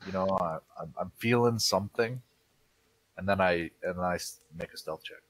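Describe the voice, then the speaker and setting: Brief: male tabletop player, very low, husky, unsure and hedging. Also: moderate pace, fairly bright tone, no room sound, rough recording. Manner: hesitant, hedging. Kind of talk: casual in-character talk.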